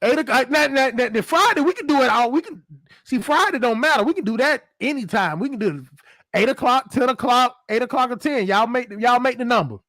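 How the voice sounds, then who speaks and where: A man's voice: very high voice, animated, fairly quick, sharp tone, no echo. A man hosting a casual livestream chat, rambling and slangy, laughing often. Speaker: host.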